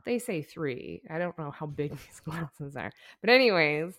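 A woman's voice: low-pitched, big pitch swings, unhurried, a bit bright. A woman hosting a podcast, telling a story in casual chat and laughing often. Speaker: podcast host.

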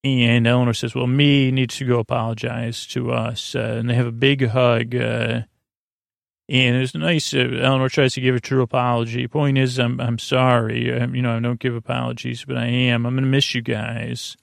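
A man hosting a sleep podcast, giving a meandering, low-key, halting recap of a TV episode. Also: level tone, vocal fry, dry recording, clean studio sound. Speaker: podcast host. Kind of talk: rambling bedtime episode recap.

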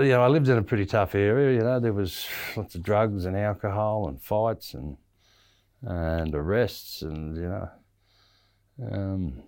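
A man's voice: low voice, creaky, darkish tone, dry recording, studio quality. An Australian man telling a long story in an interview, rambling with lots of ums and restarts. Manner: rambling, many fillers and restarts. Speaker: interview guest. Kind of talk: casual storytelling.

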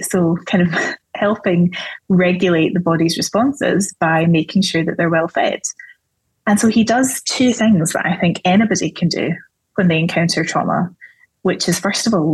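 A woman's voice: on the low side, slightly rough, dry recording, rough recording. A woman, a theologian guest on a podcast interview, explaining her ideas thoughtfully in a conversational way. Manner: thoughtful, explanatory, with light laughs.

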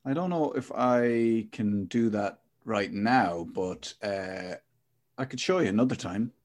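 A man's voice: fairly low pitch, a little slow, darkish tone. A man co-hosting a podcast over a video call, chatting and joking with a friend. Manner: joking, chatty, laughs often. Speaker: podcast co-host. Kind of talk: casual chat.

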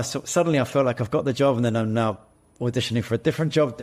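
A man guests on a podcast, explaining ideas and telling a story with lively emphasis. His voice is at an everyday middle pitch for a man. He speaks in a casual conversational way. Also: brisk. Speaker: guest, actor and co-founder. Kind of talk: casual interview.

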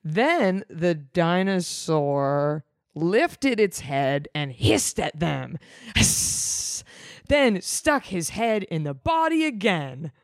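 A woman's voice: lowish voice, sing-song, takes it slowly, dry recording, clean studio sound. A young woman reading a story aloud and breaking off for wry, sarcastic, teasing comments. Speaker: reader.

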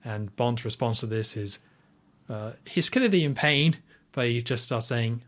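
Man, young adult, podcast host, casual chat, film recap, frequent fillers, mid-range pitch. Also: a little slow, fairly bright tone. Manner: chatty retelling with frequent fillers and quoted lines.

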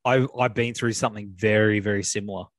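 A man's voice: lowish voice, fairly even intonation, fast talker, no echo. A man hosting a casual interview, enthusiastic and full of "you know" and "man.". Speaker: interview host.

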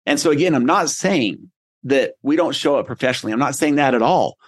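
A man's voice: medium pitch, expressive, brisk. A middle-aged man hosting a motivational podcast, telling stories in an earnest, conversational way. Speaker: podcast host.

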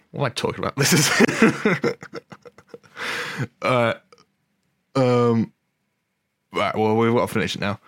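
A man's voice: mid-range voice, a bit bright, no room sound, studio quality. A man hosting a podcast, reading a news story aloud in casual comic chat, wry and freely swearing, stumbling and rereading lines. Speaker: podcast host.

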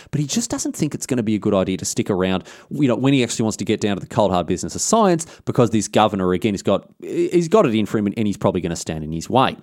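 A man's voice: mid-range voice, a little mellow, no room sound, studio quality. An Australian man hosting a podcast, telling history in a casual, slangy, irreverent way. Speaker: podcast host.

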